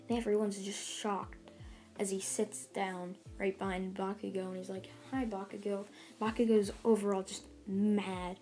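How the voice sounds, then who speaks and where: A woman's voice: medium pitch, little pitch movement, measured pace, mellow, faint music behind. A woman casually retelling a fan story, rambling along with lots of fillers and restarts.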